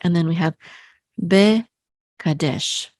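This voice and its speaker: Slow, patient woman teaching Hebrew. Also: lowish voice, darkish tone, no echo. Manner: spells out letters and vowels slowly, with many ums.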